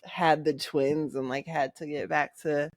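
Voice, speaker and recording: A woman's voice: low-pitched, flat delivery, unhurried, no room sound, clean studio sound. A woman co-hosting a podcast, chatting with enthusiasm and rambling through fillers. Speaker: podcast co-host. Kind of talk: casual chat.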